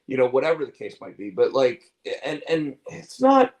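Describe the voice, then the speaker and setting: A man's voice: mid-range voice, sing-song, normal speed, few pauses, rough recording. A man co-hosting a casual talk show, rambling through restarts and fillers, candid and casual with swearing. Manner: rambling, repeats words and fillers. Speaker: podcast co-host. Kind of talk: casual chat.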